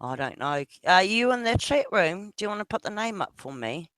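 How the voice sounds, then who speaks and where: A woman's voice: medium pitch, very animated, fairly quick, fairly bright tone, no echo. A woman with a New Zealand accent in a casual voice chat, rambling, swearing freely and laughing often.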